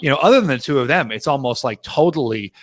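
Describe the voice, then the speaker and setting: A man's voice: mid-range voice, lively intonation, quick pace. A man co-hosting a live aftershow, thinking aloud with many fillers and restarts. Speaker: co-host.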